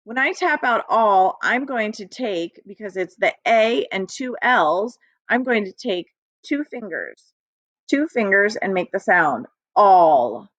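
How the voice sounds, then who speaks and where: Lady teacher doing a phonics lesson for little kids, slow and chirpy, dry close sound. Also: medium pitch, very animated, a bit bright, dry recording, dull audio. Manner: upbeat, sing-song teacher voice talking to young children. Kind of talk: recorded classroom phonics lesson.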